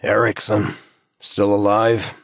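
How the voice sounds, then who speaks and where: A man's voice: fairly low pitch, lively intonation, normal speed, slightly rough, no room sound. A man voicing a persistent, dry-joking male police detective who speaks insistently in an audiobook.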